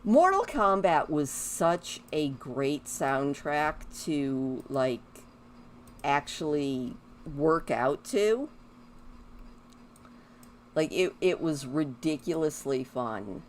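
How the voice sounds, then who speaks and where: A woman with a lowish voice talks her way through a life-simulation game at an unhurried pace. She rambles casually and coaxes her characters along. A faint hum of noise sits under her voice. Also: sing-song. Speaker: gaming YouTuber. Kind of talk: casual let's-play commentary.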